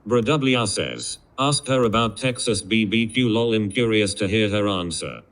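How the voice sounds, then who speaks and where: A computer-generated male voice reads viewer messages aloud. It has a flat, synthetic delivery and sits slightly low in pitch. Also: moderate pace. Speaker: text-to-speech chat reader.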